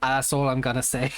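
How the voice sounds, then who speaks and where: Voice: medium pitch, a bit bright. A live streamer in casual chat, rambling and greeting viewers by name.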